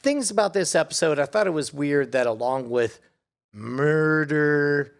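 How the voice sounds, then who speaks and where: Slow-talking wry man on a podcast. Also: on the high side, gravelly, smooth. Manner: wry, joking, chuckles between phrases. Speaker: podcast co-host. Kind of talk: casual chat.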